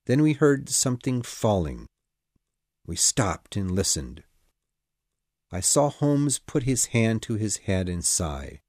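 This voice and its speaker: Casting: male audiobook narrator, lowish voice, slow and very animated, dry close sound. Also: no echo. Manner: dramatic, measured storytelling. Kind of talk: scripted narration.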